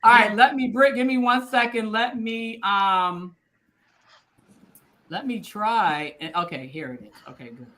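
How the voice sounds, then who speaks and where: A woman's voice: medium pitch, a little slow, bright, forceful tone. A woman hosting a casual live-stream chat, talking loosely and freestyling with frequent laughs. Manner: chatty, freestyling, laughs often. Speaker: host.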